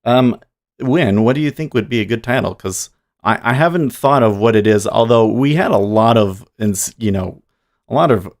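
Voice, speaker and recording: Rambling man chatting on a livestream. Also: medium pitch. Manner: rambling, halting, with many restarts. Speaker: livestream day trader. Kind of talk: casual livestream chat.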